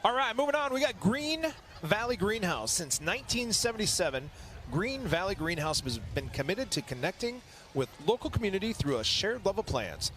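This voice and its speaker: A man co-hosts live commentary of a hometown parade outdoors. His voice sits fairly high and moves animatedly up and down. He delivers sponsor reads and joking banter in an upbeat way. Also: big pitch swings, normal speed, fairly bright tone.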